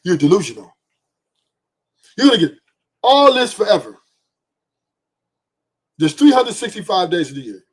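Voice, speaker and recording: A man's voice: high voice, very animated, moderate pace, long pauses, breathy edge. A man hosting a podcast, giving blunt, profane opinions and often asking "right?". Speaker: podcast host.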